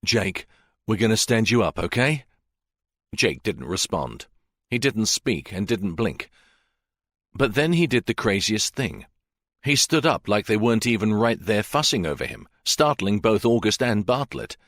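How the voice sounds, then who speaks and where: A man with a low voice narrates a fiction audiobook, steady and measured, letting his pitch rise and fall expressively. The recording is dry and close to the mic. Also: no room sound. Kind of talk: scripted narration.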